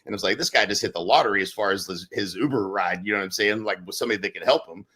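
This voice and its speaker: A man speaks in a bright, forceful voice. He talks casually and keeps things animated, breaking into loud acted-out quotes as he tells stories on a podcast. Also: fairly low pitch, racing, husky. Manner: animated, acts out quotes with sudden loud bursts. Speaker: real estate brokerage leader on a podcast.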